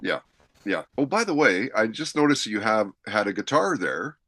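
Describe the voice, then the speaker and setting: A man hosting a podcast, asking questions in a relaxed, wry way. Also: on the low side, moderate pace, no echo. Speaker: podcast host. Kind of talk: casual interview.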